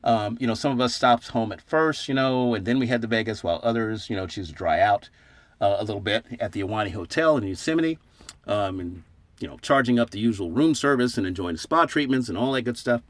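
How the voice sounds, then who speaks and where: A man's voice: on the low side, brisk, dry recording. A man hosting a casual vlog, telling a jokey made-up story and laughing as he acts out the dialogue. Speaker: silver stacking channel host.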